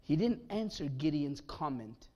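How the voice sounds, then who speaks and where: A male pastor preaching a sermon at a church service. He swings from hushed near-whispers to loud shouts, with long dramatic pauses. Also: fairly high pitch, sing-song, highs cut off.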